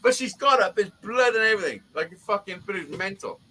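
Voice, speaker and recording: A man's voice: high voice, lively intonation, fairly quick, pushed and bright, low-quality recording. A middle-aged man, telling a rambling story in casual chat and swearing constantly.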